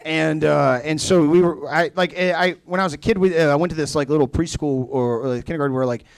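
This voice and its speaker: A young man doing a stand-up comedy set in a comedy club, with a rambling, halting delivery full of fillers and restarts, putting on different voices for the people in his story. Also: on the high side, creaky, clean tone. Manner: acts out other people's lines in shifting voices. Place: comedy club stage before a live audience.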